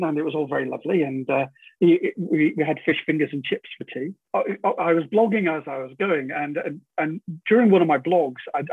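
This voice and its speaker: A man's voice: fairly high pitch, gravelly, husky. Middle-aged man telling a story over a tinny line. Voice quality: frequent stammered restarts and swearing. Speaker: podcast guest. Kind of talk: casual anecdotal storytelling.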